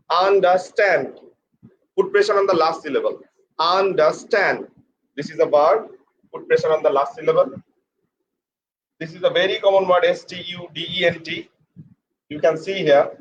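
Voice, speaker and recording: A man teaching an English pronunciation lesson. He talks slowly, spells words out letter by letter and says each word several times. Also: on the high side. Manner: slow, repeats words and spells them out letter by letter. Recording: slightly dull with faint background noise.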